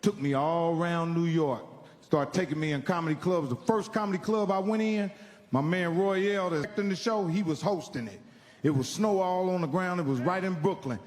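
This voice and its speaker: A man, originally from Indiana, telling profane, animated stand-up stories and acting out the people in them. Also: high voice, moderate pace, in a large hall. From Indiana, United States. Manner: profane, animated, acts out characters' voices. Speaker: stand-up comedian. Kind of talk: stand-up storytelling.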